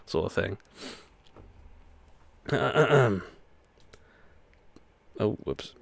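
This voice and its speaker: A man's voice: fairly low pitch, lively intonation, takes it slowly, gravelly, long pauses. A man streaming a racing game live, chatting in a rambling way and laughing often as he plays. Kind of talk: live gameplay commentary. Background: racing game music.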